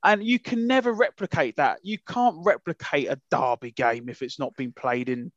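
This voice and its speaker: Swearing freely, a man from England co-hosts a casual podcast and rants with indignant passion. He speaks at normal speed in a voice on the high side. The audio is dull, lo-fi and dry, without echo.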